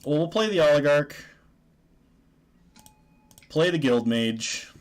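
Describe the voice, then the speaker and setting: A man's voice: fairly high pitch, expressive, slow pace. A man streaming a card game, giving casual, joking commentary and chuckling often.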